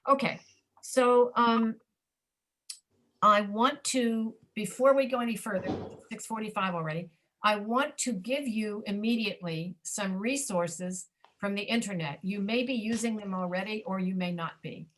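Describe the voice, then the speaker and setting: A woman's voice: medium pitch, unhurried, a bit bright. A woman teaching a pronunciation class over a video call, demonstrating reduced speech and often checking that students understand.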